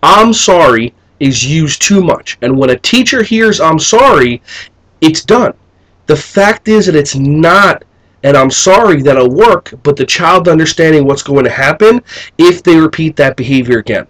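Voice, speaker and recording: A middle-aged man, a behavior management educator, talking to camera in a video blog and telling stories in an animated way, acting out the voices he quotes. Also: on the high side, measured pace, low-quality recording. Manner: animated storyteller who acts out quoted voices.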